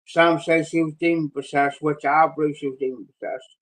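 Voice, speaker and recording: A middle-aged man telling a rambling, folksy story on a live stream, with pauses and restarts. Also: fairly high pitch, steady tone, a bit bright, low-quality recording. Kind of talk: casual spoken storytelling.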